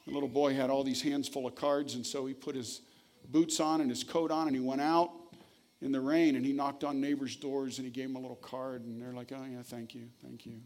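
A man's voice: mid-range voice, flat delivery, a little fast, a little mellow. A man preaching a sermon, telling a story and then reading scripture, earnest and emphatic. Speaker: pastor.

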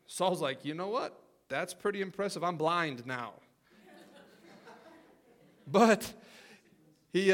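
A man's voice: on the high side, a bit bright. A man preaching a casual sermon in a chatty way, often checking in with the audience. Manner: conversational, asks okay and right often.

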